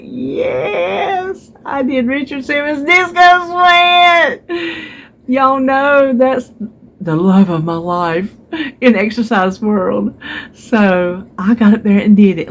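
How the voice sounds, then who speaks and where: A woman's voice: mid-range voice, a little hiss or hum. Chatty woman telling a story. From North Carolina. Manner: chatty, animated retelling with voiced quotes. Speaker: vlogger. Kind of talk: casual storytelling to viewers. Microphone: phone.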